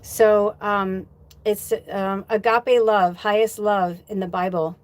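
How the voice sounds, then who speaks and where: A woman's voice: mid-range voice, steady tone, takes it slowly. A woman hosting a livestream as a spiritual medium, talking casually, rambling loosely and reading out viewer comments. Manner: chatty storyteller, acts out quoted dialogue.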